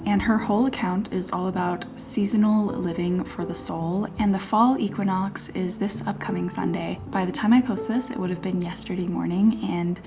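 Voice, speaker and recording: Chatty young woman vlogging, soft asides. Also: medium pitch. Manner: chatty, often drops to a soft whisper. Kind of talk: casual vlog chat. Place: home studio.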